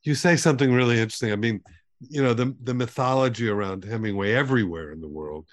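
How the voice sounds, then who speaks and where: A man's voice: mid-range voice, quick pace. A man hosting a literary podcast, asking long rambling questions that often end in "right?". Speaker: podcast host. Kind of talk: conversational interview.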